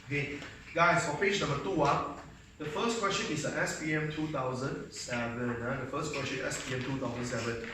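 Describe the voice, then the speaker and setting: A man with a Malaysian English accent lectures a live chemistry class in a school classroom, continually checking that the students are following. His voice is fairly high with fairly even intonation at a moderate pace. The room echoes, the mic is far away, and there's faint noise.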